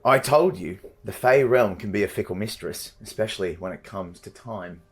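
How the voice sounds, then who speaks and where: Casting: male player doing a pompous, menacing otherworldly patron, low and commanding. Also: normal speed, lightly acted.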